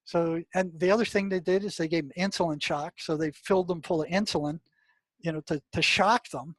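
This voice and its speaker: An older man, a retired mental health practitioner, recounting his experiences as an interview guest, animated and full of restarts. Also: fairly high pitch, fairly quick, dry recording. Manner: animated, many restarts, exclaims when recounting. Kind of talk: storytelling interview talk.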